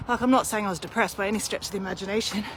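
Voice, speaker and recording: A woman's voice: medium pitch, fairly even intonation, racing, slight background noise. A woman in her thirties, out of breath, chatting candidly in a live video while pushing a pram uphill outdoors. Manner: chatty, candid, self-deprecating. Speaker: vlogger. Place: outdoors on a hilly street.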